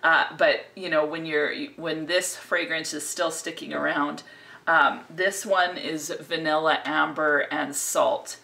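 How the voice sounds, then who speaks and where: A woman's voice: deep voice, steady tone, slow, vocal fry, pushed and bright. A woman giving a casual, chatty, enthusiastic perfume review that rambles. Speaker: fragrance reviewer.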